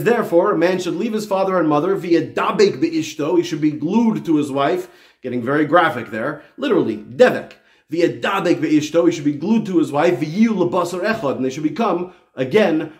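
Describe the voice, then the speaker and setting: A man giving a casual religious video lecture, animated and emphatic, wandering off on tangents before returning to his point. His voice sits a little higher than most men's. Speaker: religious teacher.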